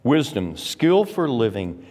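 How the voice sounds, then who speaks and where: A middle-aged Texan man preaches with slow, deliberate weight, his voice swooping high on the emphatic words and dropping low at the ends of lines. His voice rings through a church hall with a long, echoing tail. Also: sing-song, darkish tone. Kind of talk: sermon. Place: church sanctuary.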